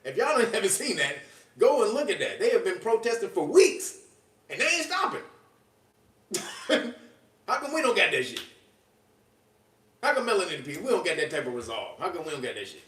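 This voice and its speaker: A man hosting a podcast in casual commentary, animated and slangy, laughing often. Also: high voice, normal speed, long pauses. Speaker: podcast host. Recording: echoey room, distant from mic.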